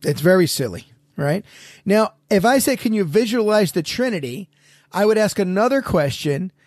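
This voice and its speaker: High-voiced male podcast host. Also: normal speed, no room sound. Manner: animated, asks co-hosts rhetorical questions. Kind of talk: casual theological discussion.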